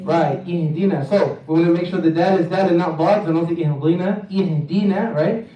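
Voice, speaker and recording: A man's voice: high-pitched, steady tone, fast, lo-fi sound. A man teaching a tajweed class, drilling pronunciation and chanting verses for the group to repeat. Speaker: Quran recitation teacher. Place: mosque hall. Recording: echoey hall, mic at a distance.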